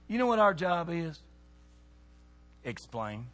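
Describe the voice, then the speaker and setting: A high, husky-voiced man, preaching to young people. His pitch swings widely as he quizzes the crowd and keeps them answering. The sound rings with a long reverb, as in a church hall. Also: normal speed. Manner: animated, asks the audience questions.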